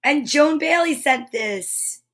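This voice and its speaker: A woman hosting a casual vlog, gushing warmly and affectionately to her viewers in an unhurried way. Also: high-pitched, animated, poor audio. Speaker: comedian and vlog host.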